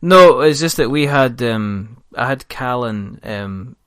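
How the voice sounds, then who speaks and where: A man's voice: medium pitch, animated, slow, fairly bright tone, clean tone, dry recording. Jokey rambling man hosting, dry close sound. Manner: chatty, rambling, jokey, with frequent laughs. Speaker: podcast host. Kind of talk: casual chat.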